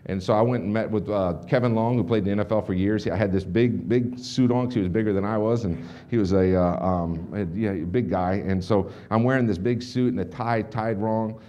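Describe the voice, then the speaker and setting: A middle-aged man on a conference stage, telling an energetic keynote story to a business audience and acting out the dialogue. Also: lowish voice, fairly quick, lo-fi sound. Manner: animated, acts out dialogue with restarts and asides. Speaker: motivational speaker presenting to a business audience.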